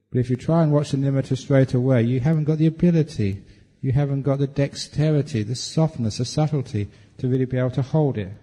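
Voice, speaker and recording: Mellow-voiced monk guy doing meditation q&a, jokey and laid back, lots of hall echo. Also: medium pitch. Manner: playful, humorous and relaxed. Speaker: Buddhist monk and meditation teacher. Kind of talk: meditation retreat Q&A teaching. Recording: long hall reverb.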